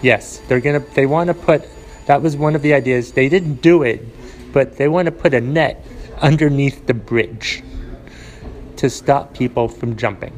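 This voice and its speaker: A man hosting a solo podcast, rambling through local stories in a deadpan way with many fillers and restarts. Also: mid-range voice, normal speed, a little hiss or hum, poor audio. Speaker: podcast host. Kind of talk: casual solo podcast monologue.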